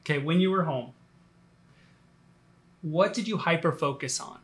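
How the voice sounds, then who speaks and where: A man giving a relaxed, conversational sermon, full of fillers and restarts. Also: fairly high pitch, unhurried. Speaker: pastor.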